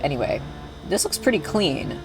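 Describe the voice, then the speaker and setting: Music plays behind a young man's casual livestream chatter as he plays a video game. He speaks at normal speed in a fairly high, sing-song voice, rambling along with frequent fillers and restarts that cut into his own sentences.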